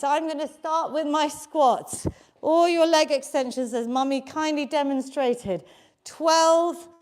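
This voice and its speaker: A fitness instructor with a high, slightly mellow voice runs a live workout from her home basement. Taking her time, she cheers people along encouragingly and calls out each rep count.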